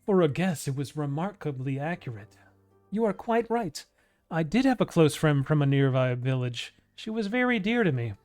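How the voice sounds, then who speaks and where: A wistful, gentle female mermaid from a game, read by a man. The lines are spoken plainly in a fairly high voice, with no character voice. Faint music sits underneath. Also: sing-song, moderate pace.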